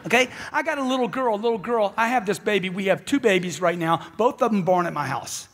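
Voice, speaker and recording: A man's voice: sits high, a little fast, a bit bright. A man giving a live motivational seminar talk into a handheld mic, emphatic and firing off rhetorical questions. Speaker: motivational speaker.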